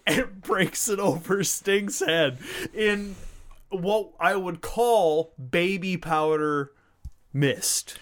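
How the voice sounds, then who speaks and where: Man, casual co-host, slightly high voice, swears as he recaps. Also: drawn-out words, a bit bright. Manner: profane storytelling, laughs at own jokes. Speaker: podcast co-host. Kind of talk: casual chat reviewing wrestling.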